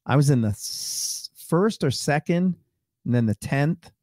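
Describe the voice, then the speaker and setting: A man's voice: fairly high pitch, lively intonation, unhurried, warm tone, dry recording, clean studio sound. A man hosting a comedy podcast in casual chat, upbeat and chatty, swearing now and then. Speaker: podcast host. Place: home studio room.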